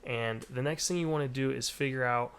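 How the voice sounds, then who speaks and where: A man's voice: medium pitch, a little fast, fairly bright tone, smooth. A man casually walking through a painting estimate spreadsheet in a screen recording, explaining step by step with frequent fillers. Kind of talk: screen-recorded software walkthrough.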